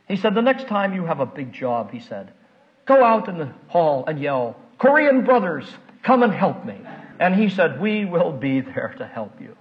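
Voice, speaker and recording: An older man preaching a folksy, emotional sermon, moving between hushed asides and loud emphasis. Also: on the high side, very animated, moderate pace. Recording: dull lo-fi recording.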